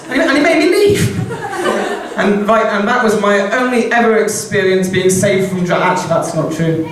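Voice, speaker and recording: A man's voice: sits high, expressive, normal speed, a crowd in the background. A young man compering a stand-up comedy show, telling rambling, self-mocking stories into a handheld mic. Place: live comedy show in a campus venue. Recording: echoey room from a distance with audience. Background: audience laughter.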